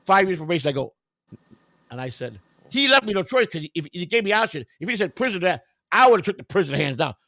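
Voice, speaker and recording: An older man with a fairly high-pitched voice tells his story in a blunt, profane, rambling way. He keeps restarting sentences and acts out the other people in the conversation. The sound is dry and close, with no room echo. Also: very animated, fairly quick, fairly bright tone. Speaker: guest.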